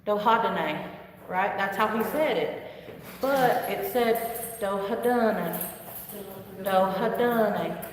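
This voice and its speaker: A woman teaching a live online language lesson, patiently repeating words slowly for her students to drill, with chatty asides. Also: mid-range voice, animated. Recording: echoey distant room with noise.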